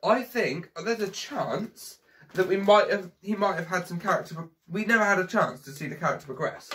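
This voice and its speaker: A man's voice: sits high, brisk, sharp tone, slight background noise. A young man hosting a casual podcast while tipsy, rambling and giggly. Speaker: podcast host.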